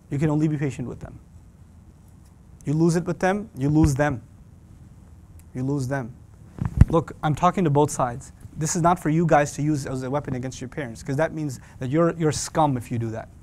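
A man giving an animated, joking sermon, mixing in Quranic Arabic recitation. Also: a little high, slight background noise. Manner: animated, joking, acts out quoted voices. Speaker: Islamic speaker.

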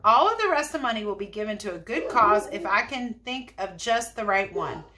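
A woman reading a storybook aloud and voicing a cheerful, excited male storekeeper who talks high and eagerly. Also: a little fast, a crowd in the background, natural voice.

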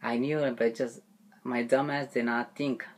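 A man's voice: medium pitch, level tone, normal speed, a little hiss or hum. Guy vlogging a rant, swears a ton, laughs it off, kinda indignant. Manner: profane, indignant, laughs often. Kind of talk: casual vlog rant.

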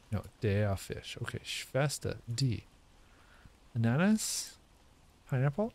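A man's voice: medium pitch, sing-song, slow, gravelly, pauses often, a little mellow. A man thinking aloud as he practices a language he is learning, guessing at words and correcting himself as he sounds them out. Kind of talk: casual think-aloud commentary.

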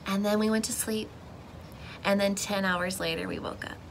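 A young woman sharing a personal faith testimony in casual, expressive storytelling, with emotional swings and frequent restarts. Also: medium pitch, moderate pace, vocal fry, slight background noise, poor audio.

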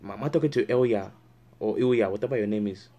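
A man's voice: fairly low pitch, fast, muffled recording. Angry scolding man on a prank call. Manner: angry, scolding, repeats himself. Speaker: prank caller posing as a counselor.

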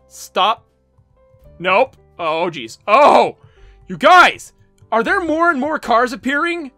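Goofy gamer guy yelping and joking through a browser game, pitch bouncing everywhere. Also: dry recording. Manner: excitable, goofy exclamations and silly noises. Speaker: gaming channel host. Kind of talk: let's play commentary.

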